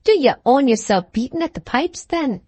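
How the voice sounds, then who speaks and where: A woman reading the part of a proud Highland piper, a male rival who stays coolly polite while needling his opponent. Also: animated, moderate pace, a little mellow, husky, no room sound.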